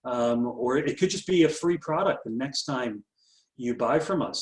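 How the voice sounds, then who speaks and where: A man working as a business coach, giving brisk, upbeat marketing tips. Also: medium pitch. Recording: roomy echo.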